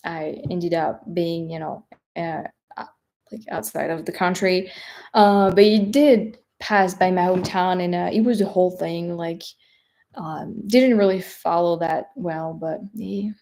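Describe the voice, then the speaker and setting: A woman's voice: on the low side, measured pace. A young woman with a French accent, chatting casually on a live stream, with a hesitant manner and lots of fillers. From France. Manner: hesitant, many fillers, soft trailing asides. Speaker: travel vlogger. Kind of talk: live stream chat reading viewer questions.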